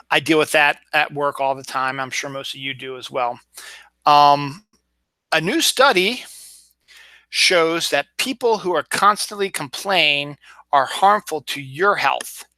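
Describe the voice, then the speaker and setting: A man's voice: a little high, sharp tone, no echo. A man hosting his own show alone at home, chatting casually through news items, rambling, with many fillers and restarts. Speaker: podcast host. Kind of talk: casual solo news chat.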